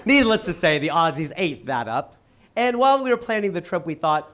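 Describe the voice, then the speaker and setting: An American man doing a stand-up set, telling stories with animated, punchy delivery and big emphatic swings. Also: a little high, fairly quick. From United States. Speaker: stand-up comedian.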